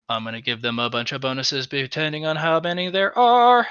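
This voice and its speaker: A male game master narrating a tabletop session, explaining rolls and throwing in playful sound effects. His voice is very bright and crisp, recorded dry and close. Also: mid-range voice, moderate pace, few pauses, no echo.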